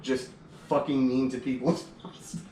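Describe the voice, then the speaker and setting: A man's voice: medium pitch, flat delivery, brisk, warm tone. A young man chatting casually on a podcast, laid-back and swearing freely as he tells stories. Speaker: podcast host. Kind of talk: casual chat. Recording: echoey room, from a distance, faint hiss.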